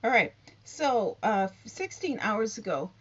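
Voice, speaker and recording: Woman vlogger, lively sing-song delivery, chatty headline reader, muffled lo-fi recording. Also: on the high side, slow pace. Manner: reads headlines aloud with chatty asides. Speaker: YouTube covid news host. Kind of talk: casual news read-through to viewers. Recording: dull lo-fi sound.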